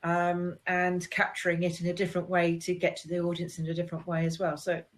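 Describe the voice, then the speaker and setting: Woman podcast host, slightly low pitch, relaxed and musing. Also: fast. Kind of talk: podcast conversation.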